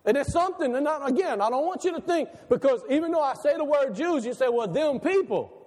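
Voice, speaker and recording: Male pastor, very high voice, animated sermon delivery with a long hall reverb. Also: fast talker. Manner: animated preaching, rhetorical questions, laughs between lines.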